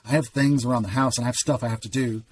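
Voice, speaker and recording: A man's voice: mid-range voice, steady tone, fast, slight background noise. A man, a podcast guest, telling a heartfelt personal story in an earnest, emphatic way and chuckling now and then.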